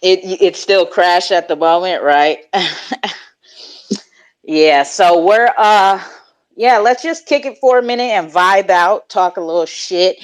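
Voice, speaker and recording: A woman from California hosting a casual live audio chat in a relaxed, slangy way, laughing often. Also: on the low side, slow, clear, resonant tone. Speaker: host.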